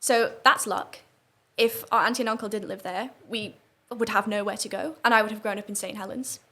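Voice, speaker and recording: Young northern English woman, guest, fast and full of fillers. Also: mid-range voice, fairly even intonation, bright, forceful tone. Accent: northern English, softened toward southern English. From northern England. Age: young adult. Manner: fast, with many fillers and restarts. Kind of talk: casual interview talk.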